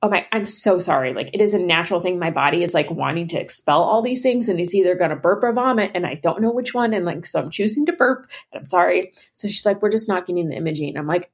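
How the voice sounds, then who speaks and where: A woman's voice: on the low side, quick pace, few pauses. A young woman co-hosting a podcast, telling a story in casual chat and acting out both sides of the conversation. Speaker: podcast co-host.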